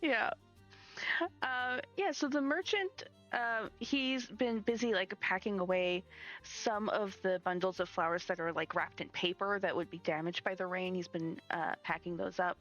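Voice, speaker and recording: A woman's voice: mid-range voice, normal speed, fairly bright tone, dull audio, faint music behind. A woman running a tabletop game as game master, narrating with lots of fillers and frequent laughs. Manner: laughs often, many fillers. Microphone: streaming mic.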